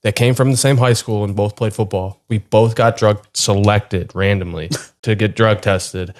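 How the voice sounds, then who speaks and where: A young man telling stories in a relaxed, casual podcast chat. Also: on the low side, moderate pace. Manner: laid-back storytelling with frequent likes. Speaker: podcast co-host.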